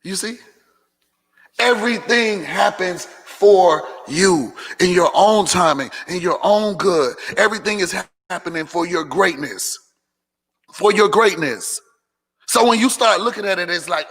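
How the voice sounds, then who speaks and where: Preachy man with a gravelly, bright voice. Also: high voice, animated, a little slow. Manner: preachy, repeats phrases for emphasis. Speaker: motivational vlogger hosting a Q&A. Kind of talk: casual motivational talk. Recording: long hall reverb.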